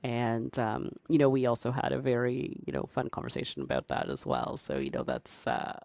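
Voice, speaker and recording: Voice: medium pitch, expressive, moderate pace, vocal fry, a little mellow, no echo. A podcast host telling a personal story in a casual, rambling way, full of "like" and "you know" and frequent laughs. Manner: chatty, heavy use of "like" and "you know"; laughs often while talking.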